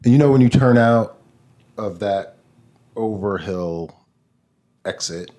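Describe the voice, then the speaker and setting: A man, a podcast guest, retelling a personal story in a lively, casual way. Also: fairly low pitch, slow. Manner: animated, vivid retelling.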